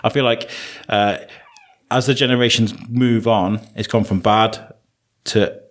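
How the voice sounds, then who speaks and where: Brief: English male podcast host, lowish voice, hesitant easygoing chat. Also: fairly even intonation, measured pace. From England. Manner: hesitant, conversational, many fillers. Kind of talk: casual chat.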